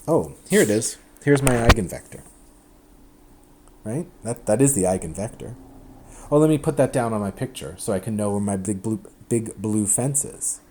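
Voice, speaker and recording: A lower-pitched man with a mellow, warm tone talks through a math lecture in a chatty, animated way. He often stops and restarts mid-sentence. A faint hiss sits under the recording. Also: normal speed. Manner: chatty, self-interrupting, animated explanations.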